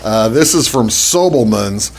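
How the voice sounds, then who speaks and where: A man hosting a casual talk show, chatting in a halting way with many fillers and restarts. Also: fairly low pitch, animated, vocal fry. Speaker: host. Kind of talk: casual radio-style talk show chat.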